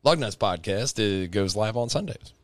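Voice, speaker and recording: A man hosting a podcast in casual chat, animated and swearing freely, with loud bursts when excited. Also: lowish voice, moderate pace, no echo. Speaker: podcast host.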